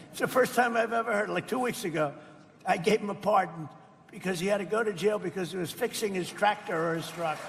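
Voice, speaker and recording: A man's voice: sits high, fairly quick, vocal fry, long reverb tail. An older American man speaking off the cuff at a roundtable, rambling and boastful, repeating his phrases. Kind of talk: off-the-cuff speech. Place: indoor event hall.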